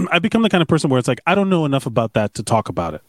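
Guy cohosting a podcast, rambly and sweary, voice a bit high, dry mic. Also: very animated, rapid-fire, creaky, dry recording. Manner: rambling, profane, joking. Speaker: podcast co-host. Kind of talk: casual chat.

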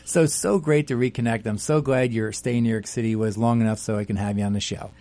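On a live radio talk show, a fast-talking man with a lowish voice reads a piece aloud and interviews a guest. He's chatty and jokey, tossing in animated asides.

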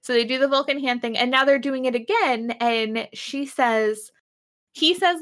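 A woman's voice: a little high, moderate pace, a bit bright. A woman casually recapping a TV episode as a podcast co-host, telling it animatedly with acted quotes.

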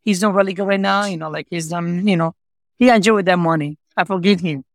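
Speaking at a quick pace in a voice that sits high, a pizza shop owner shares his personal story as an interview guest. His non-native English has broken grammar, and he keeps saying "you know, like" and repeating himself, sounding earnest and heartfelt. There's no room sound.

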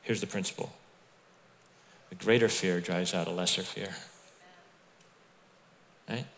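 A middle-aged man preaching a sermon as pastor, telling stories in a conversational, animated way with asides to the congregation. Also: sits low, measured pace, creaky, slight background noise. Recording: long hall reverb.

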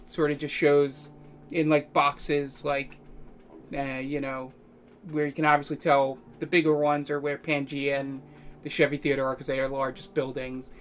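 A man narrating as game master of a tabletop game, rambling with many pauses and fillers. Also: medium pitch, a bit bright, slight background noise. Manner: rambling, lots of ums and pauses.

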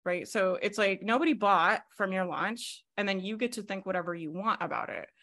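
A woman coaching on a video call. She talks fast and animatedly, with many fillers. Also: medium pitch, fairly bright tone. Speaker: business coach.

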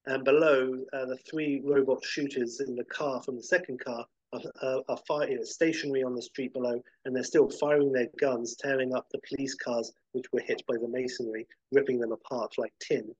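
Husky man pitching a film scene. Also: flat delivery, moderate pace, a little mellow, no room sound, muffled recording. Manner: rambling, many fillers and restarts, vivid scene-by-scene description. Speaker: podcast host pitching a film. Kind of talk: casual storytelling pitch.

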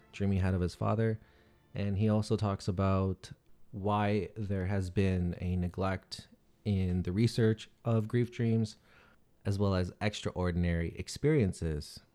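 A male podcast host reading a calm, scripted introduction of his guest. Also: low voice.

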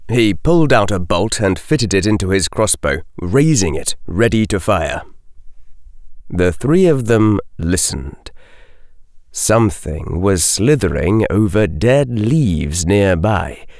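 Low-voiced male narrator for audiobook, slow and measured, dry studio sound. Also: very animated, a little mellow, no echo. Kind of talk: audiobook reading.

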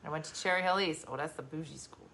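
Middle-aged mom host, bright chatty voice, casual live chat. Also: female voice, low voice, fast. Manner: chatty, reading comments aloud, lots of mm-hmms. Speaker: host, mother.

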